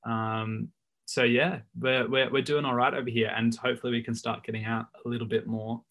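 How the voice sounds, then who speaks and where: Bright-voiced laid-back male podcast host. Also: mid-range voice, flat delivery, a little fast. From England. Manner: laid-back, lots of ums and "so yeah". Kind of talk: casual chat.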